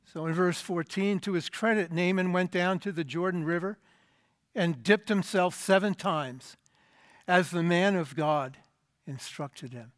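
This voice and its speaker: A man delivers a sermon, explaining scripture with emphasis. His voice sits high for a man and often sinks low and soft at the end of a phrase. The recording is dry and close. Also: a little slow, dry recording. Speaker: preacher.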